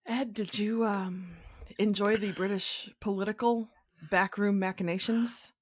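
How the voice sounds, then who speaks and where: A woman's voice: mid-range voice, fairly even intonation, a little slow, no echo, studio quality. A woman co-hosting a podcast in casual chat, joking and laughing often. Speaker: podcast co-host.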